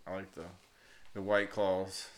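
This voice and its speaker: A man's voice: low-pitched, measured pace. A man chatting casually with friends on a podcast, swearing often and laughing as he tells stories. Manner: profane, laughing, animated storytelling. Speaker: podcast co-host. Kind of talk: casual chat among friends.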